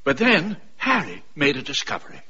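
A man narrating as a woeful, pompous Victorian gentleman in a comic radio play, melodramatic and lamenting. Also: on the high side, huge pitch swings, normal speed, slight background noise, exaggerated voice. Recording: dull lo-fi recording with music.

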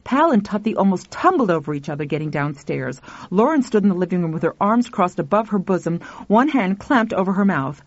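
Woman, audiobook narration, lively pitch, dry dull sound. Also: brisk, no echo.

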